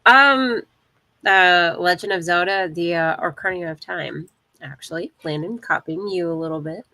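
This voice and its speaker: A woman's voice: on the low side, moderate pace, bright, forceful tone, dry recording. A woman co-hosting a casual podcast chat, chatty and giggly as she shares game memories. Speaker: co-host.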